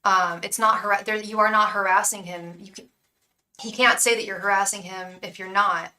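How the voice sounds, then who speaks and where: A woman's voice: mid-range voice, steady tone, normal speed, bright, forceful tone, far from the mic. A woman giving a live tarot reading, earnest and blunt, sometimes swearing and murmuring invocations to spirit guides. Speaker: tarot reader and psychic. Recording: echoey room, voice off-mic.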